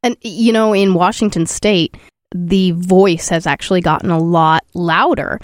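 A woman's voice: fairly low pitch, fairly even intonation, a little slow, no room sound, clean studio sound. Chatty woman hosting a discussion. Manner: chatty, laughs often, many fillers. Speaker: podcast host. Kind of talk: casual discussion.

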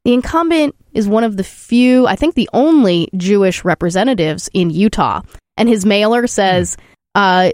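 Woman, podcast host, chatty, laughing, fillers, mid pitch, dry close sound. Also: expressive, normal speed, a little mellow, no room sound. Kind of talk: casual discussion.

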